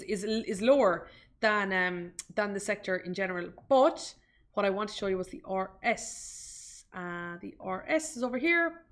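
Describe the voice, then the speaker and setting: A woman's voice: mid-range voice, a bit bright. Chatty Irish woman presenting stocks. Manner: chatty, self-deprecating, asides to viewers. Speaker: investment webinar presenter. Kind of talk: live screen-share stock tutorial.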